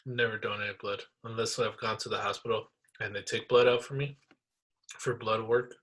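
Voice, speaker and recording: Young male podcast co-host, bright forceful tone, laid-back and slangy, quick to laugh. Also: on the low side, level tone, poor audio. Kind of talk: casual chat.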